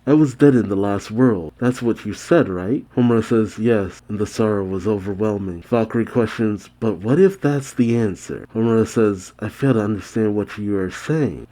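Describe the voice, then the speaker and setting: Young guy reading manga out loud for a reaction vid, lowish mellow voice, keeps stopping to go "oh, really?". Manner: reads the dialogue plainly, breaking off for quick surprised asides.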